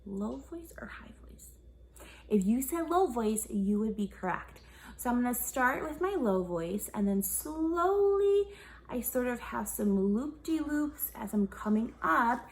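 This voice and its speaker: A woman's voice: fairly high pitch, expressive, unhurried. A young woman teaching a children's music class, upbeat and encouraging, often asking the kids questions. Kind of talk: online kids' music lesson.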